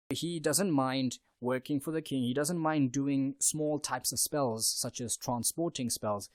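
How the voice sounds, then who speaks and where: A man's voice: mid-range voice, dry recording, clean studio sound. A man hosting a podcast, discussing a novel in an earnest, discursive way with frequent restarts. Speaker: podcast host. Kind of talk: book review discussion.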